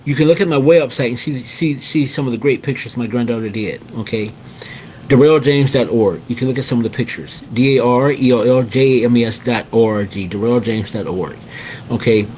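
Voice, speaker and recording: A man's voice: mid-range voice, a little fast, darkish tone, a little hiss or hum. Repetitive storytelling middle-aged man. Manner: repeats phrases, keeps addressing listeners as guys. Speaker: host. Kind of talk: casual storytelling monologue.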